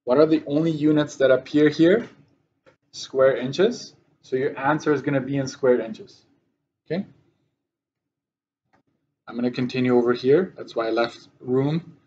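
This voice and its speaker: A man's voice: medium pitch, unhurried, pauses often, darkish tone, dull audio. A male math teacher giving a classroom lesson, often checking that his students follow.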